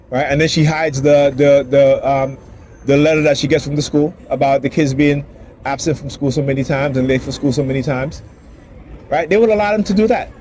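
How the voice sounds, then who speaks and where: Brief: agitated father on a phone vlog, voice a little high, faint street noise. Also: a little mellow. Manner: agitated, repetitive, acts out quoted dialogue. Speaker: father vlogger. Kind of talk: ranting personal vlog. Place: outdoors near a building and street traffic.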